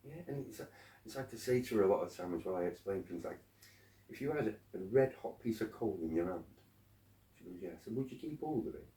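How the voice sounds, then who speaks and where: Recorded from a distance with noticeable reverb, this man has a lowish voice and a brisk delivery. As a guest on a casual podcast, he tells animated stories, acting out the arguments he's had and swearing along the way.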